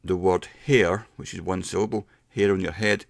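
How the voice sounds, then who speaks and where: A middle-aged man giving a casual pronunciation lesson, explaining step by step and slowing down to demonstrate sounds. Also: low voice, gravelly, no room sound, clean studio sound. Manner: unhurried, explains step by step with slowed demonstration words. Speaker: English pronunciation teacher.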